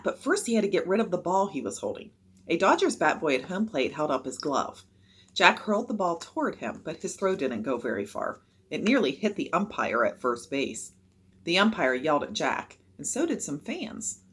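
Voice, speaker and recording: A woman reading a children's chapter book aloud with expressive narration. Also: lowish voice, normal speed, breathy edge.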